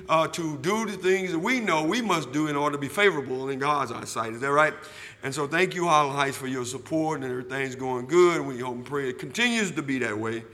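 A man preaching a sermon in church, drawing call and response from the congregation, repeating himself and building from quiet talk to loud shouting. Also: fairly high pitch, big-room sound. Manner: repetitive, asks the church for amens. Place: church sanctuary.

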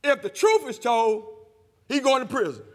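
A man preaching a sermon, using call-and-response and rising to shouts, in a church sanctuary. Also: extremely high pitch, big pitch swings, moderate pace. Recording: long hall reverb.

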